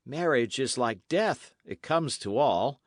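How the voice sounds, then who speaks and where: A man voicing a bold, cheerful young squire who speaks loudly and forthrightly in an old-fashioned storybook tale. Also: mid-range voice, lively intonation, takes it slowly, no room sound, studio quality, pitched above the performer's own voice. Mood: hearty. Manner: loud, hearty, forthright.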